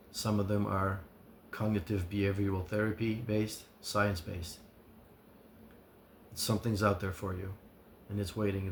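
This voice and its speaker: A man giving an earnest advice monologue as a recovery vlogger, sincere and measured, listing his points with pauses. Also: fairly low pitch, gravelly, a little hiss or hum.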